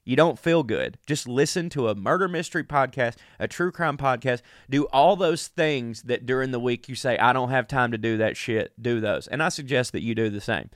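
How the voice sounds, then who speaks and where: A man's voice: medium pitch, animated, normal speed, hardly any pauses, no room sound, clean studio sound. A man from the American South, sick and a little out of breath, hosting a crude, rambling, self-deprecating comedic monologue. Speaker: podcast host.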